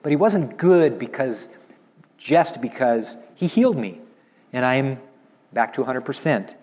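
A man's voice: medium pitch, lively intonation, unhurried, a little mellow. A middle-aged man preaching a sermon as a missionary speaker, earnest and building into impassioned repetition. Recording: long reverb of a large hall.

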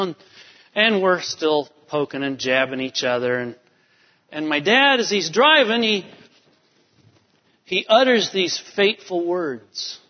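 A man preaching from the pulpit, easing into his message with a family story full of fillers and asides. His voice sits a little high for a man. The sound is dull and muffled, with long reverb from a large church hall. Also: expressive, slow pace, pauses often. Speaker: pastor. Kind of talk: sermon with personal story. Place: church sanctuary.

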